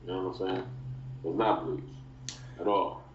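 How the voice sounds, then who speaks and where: A man co-hosting a podcast in casual political banter, talking in a halting, slangy, profane way. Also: sits low, steady tone. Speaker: podcast co-host. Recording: distant, roomy, dull lo-fi sound.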